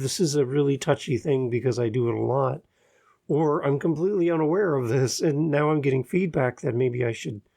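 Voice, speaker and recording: A man's voice: on the high side, vocal fry, dark tone, slightly rough. A Canadian man hosting a podcast, giving advice in an earnest, easygoing and self-deprecating monologue. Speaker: podcast host.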